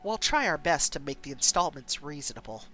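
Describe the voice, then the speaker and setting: A woman voicing a calm, professional female hospital doctor with a steady, reassuring manner, reading a story game aloud. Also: low-pitched, fairly quick, faint music behind, heavily acted, rough recording.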